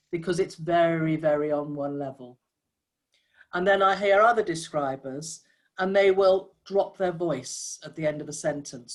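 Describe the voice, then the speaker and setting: An audio description trainer giving feedback to a workshop, explaining patiently with occasional fillers and restarts, heard over a video call. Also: mid-range voice.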